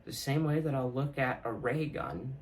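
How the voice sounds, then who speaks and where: Here a young man talks by himself on his own podcast at medium pitch and normal speed, relaxed and reflective, with plenty of swearing and laughter. The audio is poor, with slight background noise.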